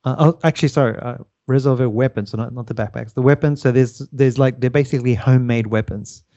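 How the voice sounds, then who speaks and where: Mellow-voiced man hosting a game segment. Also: mid-range voice, steady tone, quick pace, dry recording, dull audio. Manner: laid-back, with frequent fillers and chuckles. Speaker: podcast host running a game segment. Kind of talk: casual chat.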